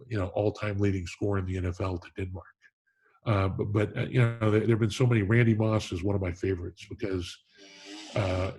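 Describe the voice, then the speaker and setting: The voice is on the low side with a breathy edge: a middle-aged man who heads a hall of fame, telling stories warmly and earnestly in an interview. He frequently breaks off and begins his sentences again.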